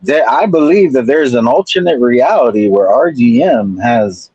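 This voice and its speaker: A man's voice: mid-range voice, lively intonation, moderate pace, darkish tone, breathy edge, no room sound, highs cut off. A man chatting casually as a guest on a livestream panel, in a laid-back, rambling way. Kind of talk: casual chat.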